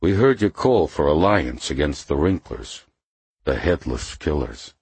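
A male narrator voicing a calm FBI agent who speaks in a measured, deliberately casual way. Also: rumbling low, breathy edge, dry recording, heavily acted.

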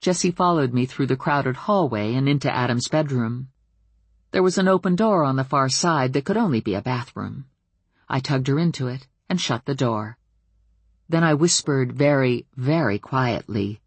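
A woman reads a first-person novel aloud with a wry, expressive delivery. Her voice is husky and sits mid-range, recorded dry and close. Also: a bass voice, moderate pace, no room sound. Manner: wry, expressive storytelling with lively voiced dialogue. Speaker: audiobook narrator.

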